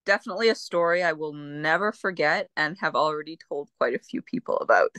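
Upbeat young Canadian woman as guest, lowish voice, dry recording. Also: animated, brisk, fairly bright tone, dry recording. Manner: upbeat, laughs easily. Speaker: interview guest. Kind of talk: casual chat.

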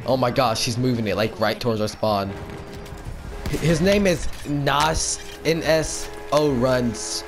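A man's voice: mid-range voice, unhurried, over music. A young man gaming with a friend, laughing and swearing through casual banter. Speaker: gamer.

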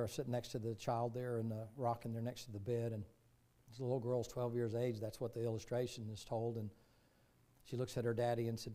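A man preaching a sermon in a gravelly, fry-touched voice, at an ordinary middle pitch. He tells stories and moves from loud emphasis to near-whispered tenderness. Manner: storytelling, swings from loud to hushed. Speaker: pastor.

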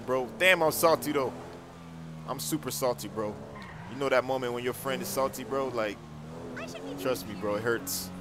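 A young man in excitable, slangy game role-play commentary with loud outbursts. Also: mid-range voice, noisy background. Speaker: gaming YouTuber.

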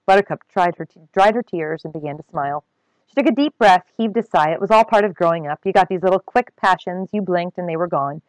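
A woman reading a novel aloud with expressive, dramatic storytelling. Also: on the low side, dry recording, rough recording.

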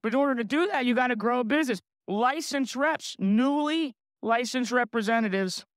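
A middle-aged man giving a motivational sales seminar, boastful and energetic, throwing questions to the crowd. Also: very high-pitched, moderate pace, clean tone, no room sound, clean studio sound. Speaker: sales trainer. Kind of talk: motivational seminar talk to an audience.

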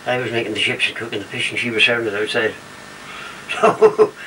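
A man's voice: medium pitch, steady tone, fairly quick. An older man, a retired variety singer, rambling through memories and jokes and acting out the voices. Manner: rambling storyteller who acts out voices in jokes. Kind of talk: casual reminiscing and joke telling. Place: home trailer. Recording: distant home recording with light noise.

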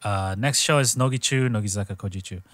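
A man's voice: on the low side, quick pace, background noise. A man co-hosting a casual podcast, retelling a show in a rambling way with plenty of filler words. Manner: rambling storyteller, lots of "like" and "dude". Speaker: podcast co-host.

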